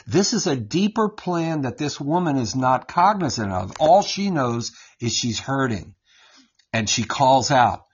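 A man with a slightly husky voice walks his co-hosts through a Bible passage, animated and chatty. He keeps checking in with "right?" and laughs as he goes, sitting at a middling pitch. The recording is muffled and lo-fi. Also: measured pace. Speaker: Bible teacher on a talk show. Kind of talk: conversational Bible teaching.

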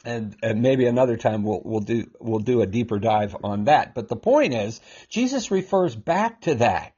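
Husky-voiced man teaching scripture animatedly. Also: medium pitch, normal speed, dull audio. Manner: animated, acts out quotes, chuckles often. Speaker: Bible teacher.

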